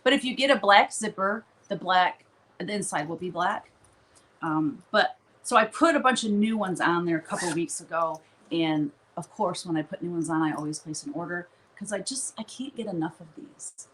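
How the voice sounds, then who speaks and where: A woman's voice: fairly low pitch, animated, normal speed, fairly bright tone, slight background noise, poor audio. A woman hosting a live stream from her studio, chatting casually in a rambling way and laughing often.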